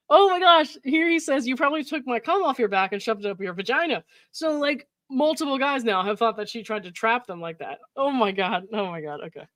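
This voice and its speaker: This host is a woman whose fairly high, fairly bright voice runs animated and a little fast, with few pauses, captured in a dry recording. She reads text messages aloud and comments casually, laughing often, voicing exasperated asides and giving the quotes mock emphasis amid frequent likes and ums.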